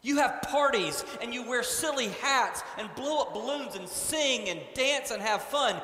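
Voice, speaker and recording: Man doing a stern, red-faced committee chairman, loud and scolding, high and lively, echoey hall. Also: measured pace, a little hiss or hum, exaggerated voice. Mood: indignant. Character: indignant stern male church committee chairman.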